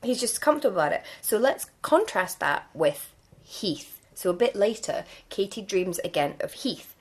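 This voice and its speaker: A woman's voice: mid-range voice, big pitch swings, normal speed, breathy edge. A woman co-hosting a podcast, chatting casually about a book and reading passages aloud. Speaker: podcast co-host.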